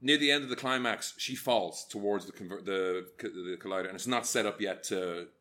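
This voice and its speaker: A man's voice: lowish voice, pushed and bright. A man co-hosting a podcast in casual film chat, talking loosely and swearing freely. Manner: loose, profane, drops into quick impressions. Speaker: podcast co-host.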